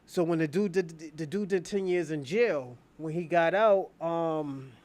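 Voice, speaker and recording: High-voiced man rambling through a story. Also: measured pace, a little mellow. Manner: slangy, profane, loose storytelling with many fillers. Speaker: streamer recapping a drama. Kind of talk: casual rambling retelling. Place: at home, indoors.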